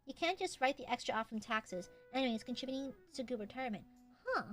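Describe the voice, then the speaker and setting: A young woman streaming, chatting casually with her chat, swearing freely and squealing when excited. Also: high-pitched, fast, faint music behind.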